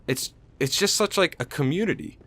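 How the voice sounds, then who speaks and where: A man's voice: a little high, lively intonation, moderate pace, pushed and bright. A young American man chatting loosely over gameplay, rambling with lots of fillers and restarts. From United States. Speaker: gaming YouTuber. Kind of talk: casual gameplay commentary.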